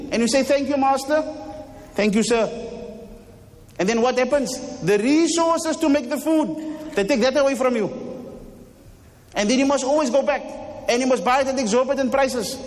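A man's voice: very high voice, a little mellow, long reverb tail. A man giving a fervent sermon as imam, repeating lines and firing rhetorical questions. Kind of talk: impassioned sermon. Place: mosque hall.

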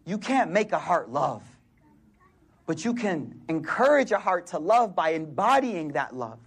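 A man's voice: fairly high pitch, very animated, measured pace, breathy edge. A man in his forties preaching a sermon in casual street slang, telling stories and acting out the people in them. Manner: casual street slang, storytelling with quoted voices.

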